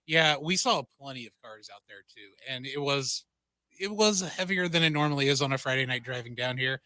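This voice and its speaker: A man's voice: medium pitch, animated, fairly quick, sharp tone, dry recording. A male co-host on a radio show, chatting casually in the studio and joking at his own expense. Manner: joking, self-deprecating.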